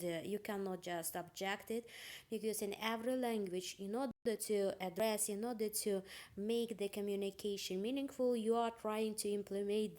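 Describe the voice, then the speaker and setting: A woman's voice: medium pitch, a little mellow. Hesitant woman lecturing. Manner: hesitant, many fillers and restarts. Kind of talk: university phonetics lecture.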